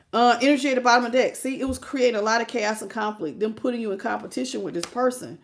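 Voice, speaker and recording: A woman reads tarot live for her viewers. Her voice sits a little high, and she talks in a chatty, animated way that keeps spilling into emotion, as if she is close to tears. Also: fast, few pauses. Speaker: tarot reader.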